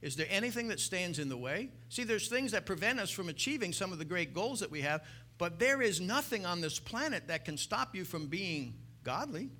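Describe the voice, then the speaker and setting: A man preaching a sermon, asking the listeners questions and swinging from loud exclamations to soft, intense passages. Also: high-pitched, sing-song, normal speed. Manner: asks the congregation rhetorical questions. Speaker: pastor.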